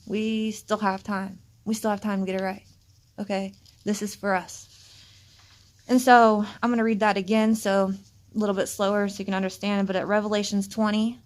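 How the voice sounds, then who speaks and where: A woman giving an earnest, rambling spiritual talk, reading Bible verses and repeating herself as she goes. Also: medium pitch. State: freezing cold. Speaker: vlogger sharing faith messages. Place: outdoors at night, cold.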